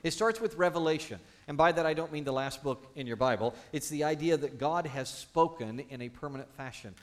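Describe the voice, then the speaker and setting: Animated man preaching a sermon. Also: on the high side, a little fast. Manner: animated, playful asides to the congregation. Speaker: pastor.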